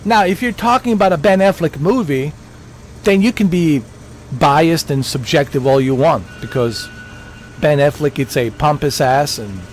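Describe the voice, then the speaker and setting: A man's voice: a little high, moderate pace, slight background noise, low-quality recording. A man hosting a gaming livestream, ranting casually with lots of stumbles and restarts. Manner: rambling, opinionated rant with many restarts.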